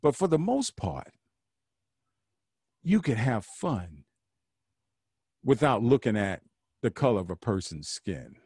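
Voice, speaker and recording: A man's voice: medium pitch, sing-song, slow pace, long pauses, darkish tone, slightly rough, no echo, studio quality. A man hosting a podcast, talking alone with an earnest, preachy manner and repeating phrases for emphasis. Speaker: podcast host. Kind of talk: solo podcast monologue.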